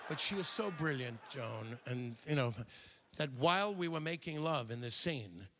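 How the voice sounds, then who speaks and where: An older man doing stand-up comedy, chatty and digressive, slipping quickly into impressions. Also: mid-range voice, expressive, pushed and bright.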